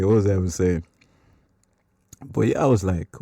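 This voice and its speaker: A man with a very low voice hosts a faith podcast in a relaxed, wandering way. He leans on "like" a lot and laughs at his own slips. The sound is close and dry. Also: normal speed, vocal fry, no room sound. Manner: rambling and self-mocking, with filler "like". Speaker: podcast host. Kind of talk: casual faith talk.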